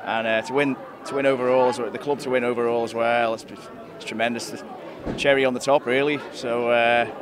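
Hoarse young man, halting, in a crowd. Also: medium pitch, level tone. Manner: halting, modest, many restarts. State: losing his voice. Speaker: young farmers club performer. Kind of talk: casual chat.

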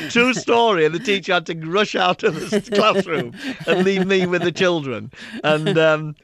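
A man's voice: on the high side, lively intonation, fairly quick, vocal fry, fairly bright tone, dry recording. A man, an author and public speaker, telling anecdotes in an interview and mimicking the people in his stories.

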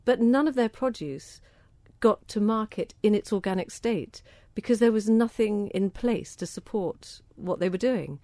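An organic food campaigner from southern England, a middle-aged woman with the local accent, answers interview questions in an unhurried, mid-range voice with lively intonation and few pauses. Her tone is dark and the audio has no echo. Enthusiastic and conversational about her cause, she often repeats words when launching into a point.

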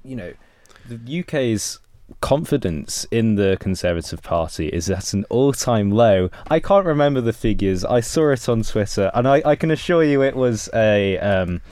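A man's voice: fairly low pitch, animated, normal speed, a little mellow. A man as a guest on a casual political chat show, talking hesitantly with many fillers.

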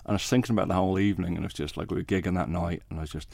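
A man, a bass player, chatting as a radio guest in a modest, rambling way, acting out what others said to him. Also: fairly even intonation, very fast, vocal fry, darkish tone, dry recording, studio quality. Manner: modest, rambling, acts out quoted talk. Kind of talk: casual interview chat.

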